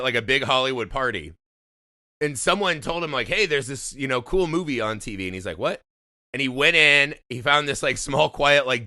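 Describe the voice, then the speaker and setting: A man in his thirties from Indiana, co-hosting a podcast and telling a story in animated, profane casual chat. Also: mid-range voice, dry recording, clean studio sound. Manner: animated storytelling, heavy swearing, laughing. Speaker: podcast co-host.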